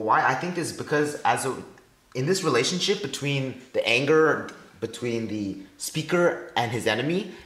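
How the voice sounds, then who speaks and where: A man's voice: mid-range voice, fairly bright tone. A teenage boy giving a class presentation, explaining step by step and sounding out stressed and unstressed syllables one at a time. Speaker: student presenter. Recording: echoey room with faint music.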